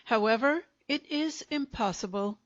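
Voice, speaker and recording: A woman's voice: on the high side, a little slow, dry recording, natural voice. A woman voicing a serene, overly polite plump middle-aged male coffin maker, courteous and florid, on a dull lo-fi recording. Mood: polite regret.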